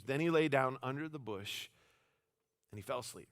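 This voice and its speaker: A pastor giving a sermon in a church, telling the story in a casual, animated way with playful voiced asides. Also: male voice, medium pitch, moderate pace, pauses often, no echo, studio quality. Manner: casual, conversational phrasing with many restarts.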